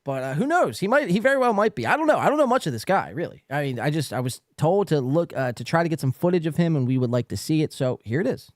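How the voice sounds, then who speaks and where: A man's voice: a little high, very animated, fast talker, few pauses, no echo, clean studio sound. A man hosting a podcast in casual chat, swearing freely and mimicking accents. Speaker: podcast host.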